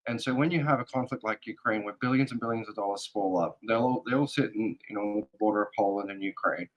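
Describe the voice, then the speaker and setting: A man as an interview guest, speaking earnestly in halting fragments as he thinks aloud. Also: fairly low pitch, lo-fi sound. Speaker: guest, security advisor. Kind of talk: casual interview talk.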